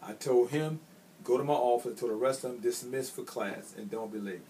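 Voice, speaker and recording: A man's voice: mid-range voice, brisk, warm tone. A middle-aged man from Chicago, a school administrator telling stories from his career, emphatic and repeating his key phrases. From Chicago, United States. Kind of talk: recounting personal career stories. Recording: slightly distant mic with faint ambient noise.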